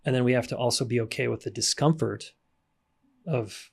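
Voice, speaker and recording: This relationship coach, appearing as a guest on a podcast, has a gravelly, slightly rough mid-range voice and talks at a normal speed. Speaking frankly and with animation, he gives practical tips on raising kids and mending things with them, voicing parents along the way.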